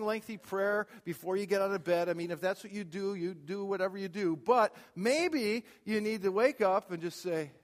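Casting note: middle-aged male pastor, high voice, emphatic preaching, long hall reverb. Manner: emphatic preacher, swings between loud declarations and quiet asides. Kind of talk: sermon. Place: church sanctuary.

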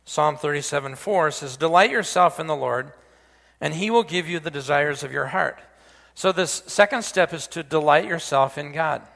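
A man's voice: on the high side, moderate pace, vocal fry, fairly bright tone, big-room sound. A man preaching a sermon in a folksy way, with joking asides and frequent restarts. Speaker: pastor.

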